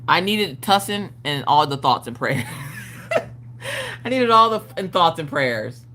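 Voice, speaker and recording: A woman's voice: low voice, lively intonation, moderate pace, pushed and bright, slight background noise. A woman hosting a craft live stream, telling a story in a casual, exaggerated way and swearing freely. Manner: acts out family members' voices.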